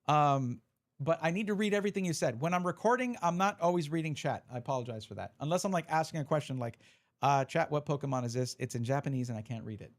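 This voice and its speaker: A man's voice: a little high, lively intonation, fast. A man live-streaming, chatting casually and reading out viewer messages as he opens card packs. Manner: chatty, reads chat aloud, restarts often.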